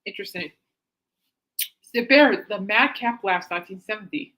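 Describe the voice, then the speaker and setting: A woman's voice: medium pitch, normal speed, fairly bright tone. A woman hosting a casual podcast, reading music articles aloud and adding amused, giggly comments, snorting when she laughs. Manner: reads aloud then comments with amused asides. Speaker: podcast host.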